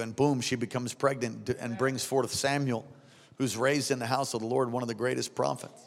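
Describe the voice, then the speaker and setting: A man preaching a sermon as pastor, fervent and exhorting, rising to shouts at times. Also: medium pitch, steady tone, a little fast, vocal fry, in a large hall.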